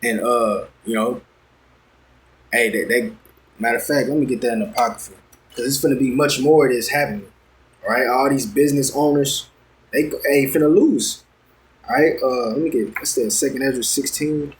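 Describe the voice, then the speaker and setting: A man delivers a sermon at an ordinary, mid-range pitch. He reads passages aloud and comments on them in an informal, halting way, repeating words as he goes. He keeps asking his listeners whether they're following. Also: a little hiss or hum. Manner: conversational, checks in with "all right?" constantly. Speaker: preacher. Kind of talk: street-style sermon with scripture and news reading.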